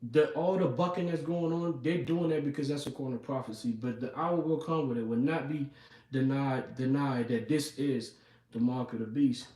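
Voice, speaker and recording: A man's voice: mid-range voice, fairly even intonation, normal speed, warm tone. A man giving an informal sermon, reading scripture and talking it through conversationally with frequent asides to his listeners. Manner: conversational, repeats "you know what I'm saying" and "man". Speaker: preacher. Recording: echoey room, mic at a distance.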